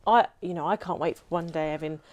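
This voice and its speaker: A woman's voice: low voice, fast, darkish tone. A chatty woman, co-hosting a casual podcast. She rambles and laughs easily, and her talk runs loose and friendly. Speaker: co-host.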